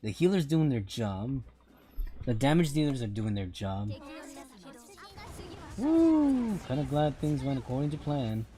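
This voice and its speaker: A man's voice: mid-range voice, sing-song, a little slow, pauses often, warm tone, soft background music. A man streaming a mobile game, rambling through casual commentary and often repeating himself.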